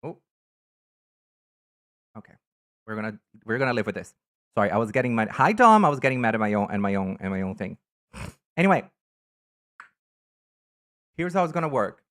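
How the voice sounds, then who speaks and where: A man chatting casually on a live stream, camp and animated, greeting viewers by name while he ranks things. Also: medium pitch, brisk, pauses often. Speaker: live streamer reading chat. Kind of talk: casual live-stream chat ranking items.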